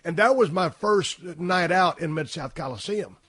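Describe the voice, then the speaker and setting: A man telling rough, profane, animated stories in a casual podcast chat. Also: fairly high pitch, moderate pace, no echo. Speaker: podcast host. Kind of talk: casual storytelling conversation.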